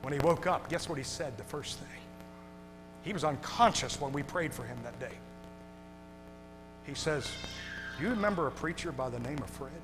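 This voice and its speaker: A male pastor preaches in a church sanctuary, his fairly high voice ringing with a long hall reverb. He swings from quiet, intimate moments to shouted peaks, and music plays behind him. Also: normal speed, long pauses. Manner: swings from hushed and tender to loud shouting. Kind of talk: preaching a sermon to a congregation.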